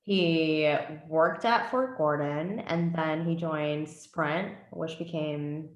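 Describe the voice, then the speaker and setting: A woman's voice: low voice, takes it slowly. A woman in her thirties, a former communications advisor, chatting as a podcast guest and laughing easily as she talks. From US military family. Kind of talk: casual chat. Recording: echoey room.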